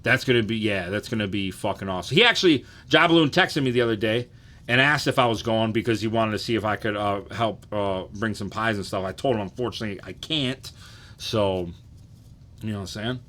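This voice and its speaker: A man's voice: fairly low pitch, a little fast, fairly bright tone, a little hiss or hum. A man in his thirties hosting a casual livestream, loose and profane, often asking "you know what I'm saying". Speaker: livestream host.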